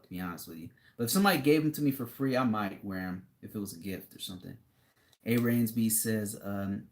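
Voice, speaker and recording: Young man, low-pitched voice, relaxed rambling stream chat, laughs often. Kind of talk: casual live-stream chat.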